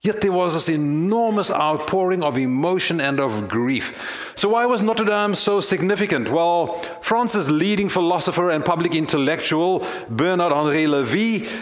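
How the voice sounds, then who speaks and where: A male pastor delivers a sermon in an earnest, storytelling manner. His voice sits a little high, and he presses toward key phrases for emphasis. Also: expressive, moderate pace, hardly any pauses, echoey room.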